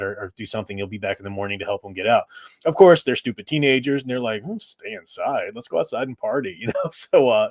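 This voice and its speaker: A man's voice: medium pitch, dry recording. A man hosting a casual review show, talking enthusiastically and rambling with frequent restarts. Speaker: host reviewing games.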